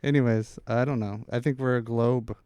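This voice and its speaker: A man's voice: medium pitch, normal speed, smooth, no room sound. Young male co-host, dry teasing humor, resonant clean voice. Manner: teasing, deadpan jokes. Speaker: podcast co-host. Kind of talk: casual podcast banter.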